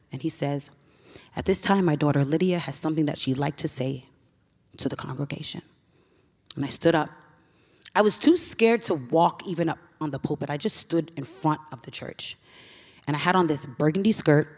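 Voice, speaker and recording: A woman's voice: low voice, a little mellow. A young woman from Queens, New York, telling a personal story on stage in an earnest, emotional way with sighs. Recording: reverberant hall.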